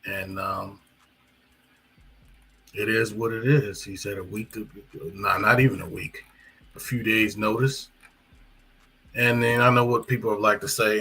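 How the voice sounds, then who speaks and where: A man's voice: on the low side, fairly even intonation, a little slow, pauses often, pushed and bright, slight background noise, rough recording. A man hosting a live boxing talk stream, chatting in a rambling way with fillers and self-corrections. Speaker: boxing commentator and channel host. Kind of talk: casual live-stream commentary.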